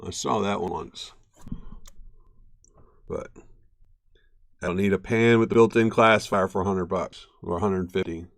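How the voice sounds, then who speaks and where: A man's voice: low voice, fairly even intonation, normal speed, gravelly, long pauses. A young man hosting a live stream, chatting casually with viewers and laughing often as he pans gold. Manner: laid-back, chatty, laughs often, talks to viewers and his cat. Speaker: gold prospecting livestream host. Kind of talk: casual live-stream chat while panning.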